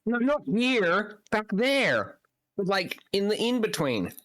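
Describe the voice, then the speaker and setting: A man's voice: high-pitched, very animated, takes it slowly, a bit bright, dry recording. A man playing a tabletop game, explaining eagerly and rambling with many restarts. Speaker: player. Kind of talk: tabletop role-play banter.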